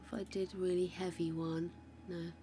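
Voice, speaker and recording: An older woman from England with a croaky voice, chatting and thanking viewers while building in a game, self-mocking and gushing. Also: on the low side, level tone, moderate pace, mellow, slight background noise. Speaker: game streamer.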